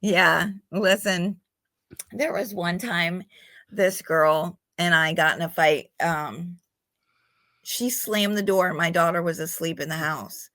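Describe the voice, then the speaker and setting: A middle-aged woman speaks slowly and bluntly, swearing freely and now and then laughing at herself. Her voice sits a little low for a woman. The sound is dry and close, with no room around it. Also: fairly bright tone, dry recording. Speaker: guest in recovery. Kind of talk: candid conversational storytelling.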